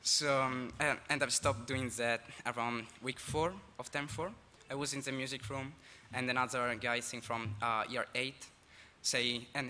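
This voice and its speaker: A teenage exchange student from Italy with an Italian accent, giving a halting, apologetic speech at a school assembly. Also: male voice, mid-range voice, fairly even intonation, sharp tone, slight background noise. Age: teens. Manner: nervous, halting, apologetic with laughs. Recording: reverberant hall, faint ambience.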